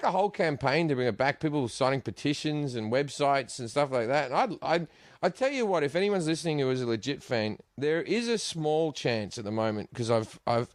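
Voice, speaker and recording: Aussie guy in his 40s telling a sweary story, bouncy pitch all over. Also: no room sound, clean studio sound. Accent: Australian. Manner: crude, animated storytelling with lots of swearing. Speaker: comedian guest. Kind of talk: casual podcast chat.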